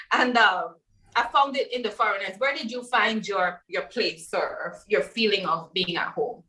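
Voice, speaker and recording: Bright-voiced woman moderator, far from the mic. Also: medium pitch, measured pace. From Belize. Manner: chatty, anecdotal, frequent fillers. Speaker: panel moderator. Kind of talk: moderating a panel discussion.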